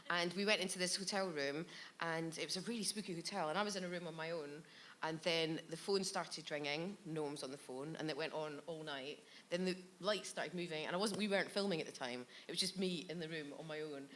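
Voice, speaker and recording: Woman guest, bright clear voice, lively storyteller at a live bar show, laughs a lot. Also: deep voice, fast talker, slight background noise. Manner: animated storyteller, laughs often, mimics people. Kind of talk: live podcast anecdote telling.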